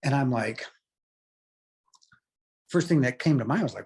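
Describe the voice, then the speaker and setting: A middle-aged man with a husky, slightly breathy voice, pitched at an ordinary level for a man. He tells his own story as an interview guest, earnest and rambling, leaning on "you know" again and again. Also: lively intonation, measured pace, a little mellow. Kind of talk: candid personal storytelling.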